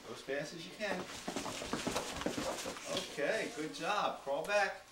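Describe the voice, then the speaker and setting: A man's voice: a little high, slow. Male firefighter, classroom talk to preschoolers, patient and questioning, echoey classroom. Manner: patient, asks the kids lots of simple questions. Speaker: firefighter teaching preschoolers fire safety. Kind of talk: classroom talk to small children. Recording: echoey room from far off, noisy.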